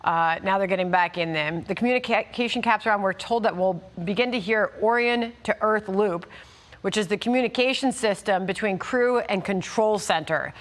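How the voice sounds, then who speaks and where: A woman anchoring a live news broadcast, asking a guest questions in a smooth, conversational way. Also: medium pitch, normal speed.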